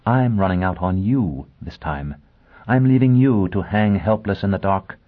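A man voicing a bitter, proud young woman in an audiobook, speaking in a low, cutting, scornful way. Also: a little slow. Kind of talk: audiobook character voice. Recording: tinny phone-like sound.

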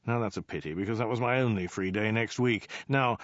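A man's voice: on the low side, fairly quick, no room sound, dull audio, lightly acted. A man voicing a self-absorbed male warlord king who rambles through vague excuses with mild hesitations, in a storybook reading. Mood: dithering.

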